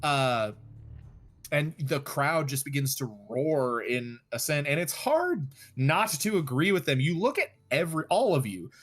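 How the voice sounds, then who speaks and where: A man's voice: on the high side, lively intonation, moderate pace, hardly any pauses, a bit bright, slightly rough. A man narrating a tabletop game as game master, hesitating often with fillers.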